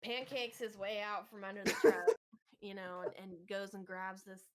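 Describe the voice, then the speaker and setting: A woman's voice: medium pitch, flat delivery, moderate pace, crowd noise. A woman telling a long funny story on a podcast in casual chat, laughing often and acting out other people's lines. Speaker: podcast co-host.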